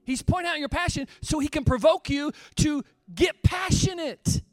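A middle-aged man preaching a sermon with passion, dropping soft and then building to shouts. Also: very high voice, normal speed, dry recording, soft background music. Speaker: pastor.

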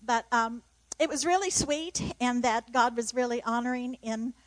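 A woman's voice: fairly high pitch, fairly even intonation, moderate pace, no echo, poor audio. An older woman giving an emotional mission testimony in church, exclaiming praise.

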